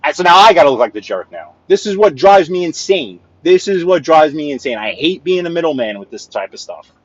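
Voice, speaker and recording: This livestreamer and sales rep is inside a moving vehicle, venting to his chat on a live driving vlog and circling back to the same complaints. His voice is on the high side, sing-song and brisk, and the audio sounds dull.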